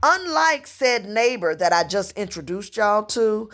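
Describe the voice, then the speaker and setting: A woman in her fifties from Louisiana with a Southern accent, telling long personal stories to camera in an unhurried, rambling way. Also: medium pitch, very animated, a bit bright. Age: 50s. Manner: unhurried storytelling, drawn-out phrasing, slips into dialect and quoted voices. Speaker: vlogger.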